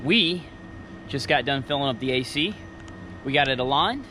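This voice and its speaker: A man's voice: medium pitch, lively intonation, normal speed. A young man with a nervous, rambling manner, chatting casually to camera about his car. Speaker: car vlogger. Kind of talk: casual vlog, talking while driving. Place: inside a car. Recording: echoey with loud car noise.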